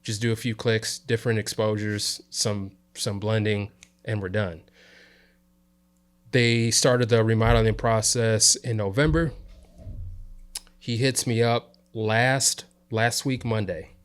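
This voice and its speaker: A man with a lowish voice, a guest on an interview show, who grew up on Chicago's South Side. He tells a story from his work in an easygoing way and keeps asking "you know?" and "right?" as he talks. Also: steady tone, slow, smooth. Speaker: interview guest, videographer and coach. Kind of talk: casual storytelling chat.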